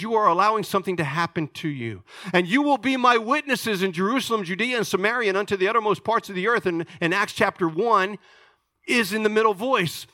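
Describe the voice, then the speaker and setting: A man preaching a sermon as pastor, explaining patiently and swinging between loud emphasis and hushed, low asides. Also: dry recording, clean studio sound.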